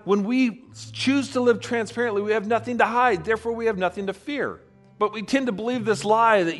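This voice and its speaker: A man preaching a sermon, earnest and emphatic, building on repeated phrases. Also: sits high. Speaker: pastor.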